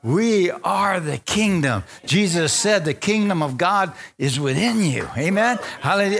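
A man's voice: high voice, a little slow, vocal fry, hardly any pauses. A man preaching a sermon, calling for amens and hallelujahs from his congregation. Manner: lively, call-and-response preaching with frequent amens. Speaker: pastor.

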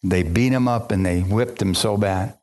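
A man's voice: fairly low pitch, normal speed, darkish tone. A man preaching a sermon, reading scripture aloud and breaking off into fervent commentary, often restarting his phrases. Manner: fervent, repeats and restarts phrases, asks the congregation. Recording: music playing behind.

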